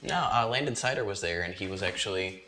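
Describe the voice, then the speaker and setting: A relaxed young man chats on a casual talk show, wry and quick to laugh. His voice is bright, and there is faint hiss under it. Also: low-pitched. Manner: laid-back, wry, laughs easily. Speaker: co-host. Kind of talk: casual chat.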